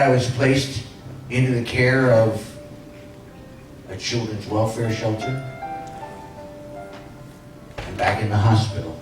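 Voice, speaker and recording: Man in his sixties, motivational speaker, storytelling with jokes, low voice, distant in a reverberant hall. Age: 60s. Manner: storytelling with punchlines. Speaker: inspirational speaker. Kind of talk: motivational speech. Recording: echoey hall, heard from afar.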